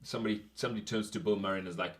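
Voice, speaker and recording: A man's voice: lowish voice, steady tone, racing. A man co-hosting a casual movie podcast, leading the list and explaining film trivia. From Canada. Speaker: podcast co-host. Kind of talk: casual chat.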